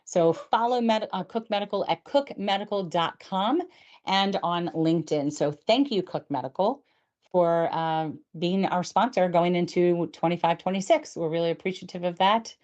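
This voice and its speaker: A woman's voice: lowish voice, normal speed, darkish tone, muffled recording. A woman in her fifties hosting a show, talking in a chatty, upbeat way. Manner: chatty and upbeat, with frequent fillers. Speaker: host. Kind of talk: casual chat.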